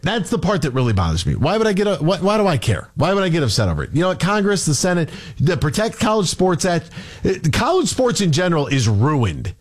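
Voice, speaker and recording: A man hosting a morning sports radio show, ranting in exasperation with rapid rhetorical questions. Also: high voice, big pitch swings. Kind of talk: heated talk radio rant.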